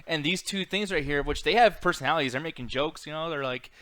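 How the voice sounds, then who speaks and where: Fast-talking excitable man on a dry mic. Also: on the high side, no echo. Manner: excitable, profane, laughs often. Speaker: podcast co-host. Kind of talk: casual live-stream chat.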